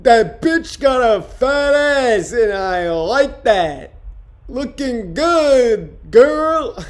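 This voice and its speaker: A man voicing a brash, leering male stand-up comic in a mock impression, with slow, drawn-out, loud catcalling. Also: extremely high pitch, very animated, voice pushed up, full character voice.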